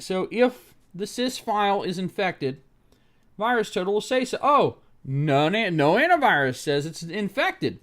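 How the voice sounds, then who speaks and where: A man's voice: high voice, a bit bright. A man live-streaming a laptop repair, swearing at a website in exasperated rants and muttering through technical steps under his breath. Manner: exasperated, profane ranting at the screen. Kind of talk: live-stream tech commentary.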